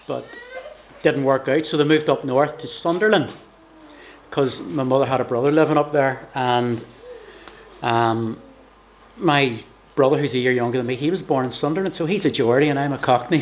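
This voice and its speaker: A man's voice: mid-range voice, slight background noise. A man in his sixties from Northern Ireland, chatting as an interview guest in a gospel hall and joking as he recalls his early years. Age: 60s. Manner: jokey, chatty storyteller. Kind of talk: conversational testimony interview.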